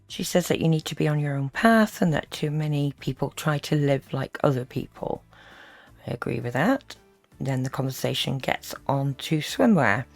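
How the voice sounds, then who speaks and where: A woman's voice: low-pitched, lively intonation, moderate pace, vocal fry, dry recording, soft background music. A woman giving dry, wry commentary over a played stream. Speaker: reaction video commentator.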